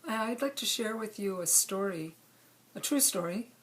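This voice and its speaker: A middle-aged woman calmly telling a true personal story, with measured pauses. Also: medium pitch. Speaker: speaker sharing a personal story.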